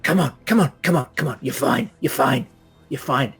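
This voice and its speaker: A man's voice: mid-range voice, normal speed, creaky, fairly bright tone, husky, soft background music, exaggerated voice. A man voicing a blustering male draconian slaver, flustered and swearing. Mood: panicky.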